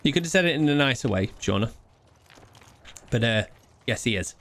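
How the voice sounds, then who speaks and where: A man's voice: mid-range voice, expressive, moderate pace, vocal fry, a bit bright. A man streaming a game live, chatting casually with rambling asides and a bit of swearing.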